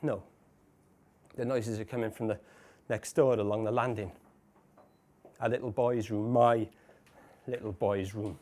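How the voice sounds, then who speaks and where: An actor in a live stage monologue playing a tormented man who caught his wife cheating. He stammers, repeats broken phrases, and swings between hushed murmurs and shouts. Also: on the low side, steady tone, measured pace, long pauses, natural voice. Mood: haunted. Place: café bar stage before a live audience.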